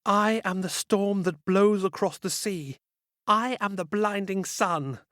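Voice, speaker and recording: A man voicing a stern old female witch who grants rewards, chanting slowly and solemnly. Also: high voice, fairly bright tone, dry recording, studio quality, voice pushed up. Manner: slow, solemn incantation.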